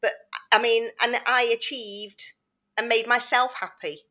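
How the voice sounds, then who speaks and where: A woman's voice: on the high side, fairly even intonation, a little slow, pushed and bright. A woman co-hosting a casual podcast chat, talking in an earnest, emphatic and encouraging way. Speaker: podcast co-host.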